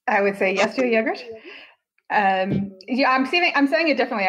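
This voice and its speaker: A Scottish woman chatting casually on a podcast, bubbly and quick to laugh. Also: medium pitch, lively intonation, a bit bright. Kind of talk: casual chat.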